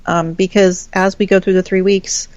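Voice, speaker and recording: A woman's voice: mid-range voice, flat delivery, normal speed, a little mellow, dry recording, lo-fi sound. A woman guest telling a personal story in a frank, chatty way, swearing casually. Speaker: podcast guest.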